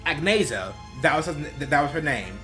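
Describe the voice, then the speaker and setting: A man's voice: a little high, lively intonation, moderate pace, fairly bright tone. A young man and gaming YouTuber telling stories casually, rambling and laughing at his own tales, with faint music behind him. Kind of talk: casual storytelling while playing.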